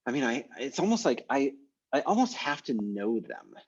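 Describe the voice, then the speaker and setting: A man's voice: mid-range voice, big pitch swings, normal speed, a little mellow, muffled recording, a little hiss or hum. A man teaching an online language class, thinking aloud with many fillers and restarts. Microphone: video call.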